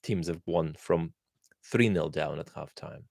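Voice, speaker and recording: Deep-voiced man musing through live viewer questions. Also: unhurried, vocal fry, a little mellow, no echo, clean studio sound. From Russia. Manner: reflective, thinking aloud with many ums and restarts. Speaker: host. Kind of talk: live Q&A chat.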